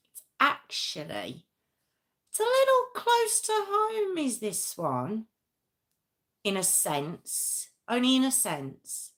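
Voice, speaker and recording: A woman's voice: on the low side, a bit bright. A woman hosting a true crime live stream, chatting casually and self-mockingly with viewers while reading the comments. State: sore arm. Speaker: true crime livestream host.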